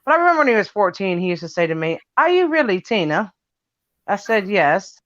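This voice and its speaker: A loud middle-aged woman holds forth in casual livestream chat, laughing and swearing without a filter. Her voice is bright and punchy. The sound is dry and close, with a somewhat dull, lo-fi mic. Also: medium pitch, very animated, quick pace, dry recording. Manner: loud, brash and laughing, cusses freely.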